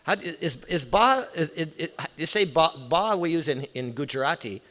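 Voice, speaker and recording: A man's voice: a little high, animated, moderate pace, fairly bright tone. Chatty man in a reverberant hall. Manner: conversational, chatty, addresses listeners directly. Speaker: visiting temple speaker. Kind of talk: informal devotional talk with audience. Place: large temple hall.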